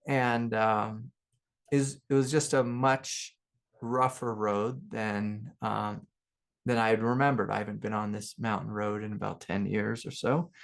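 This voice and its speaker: Gravelly casual man telling a story. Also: on the low side. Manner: rambling, casual, many fillers and soft laughs. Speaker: spiritual teacher. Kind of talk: relaxed satsang talk with personal stories.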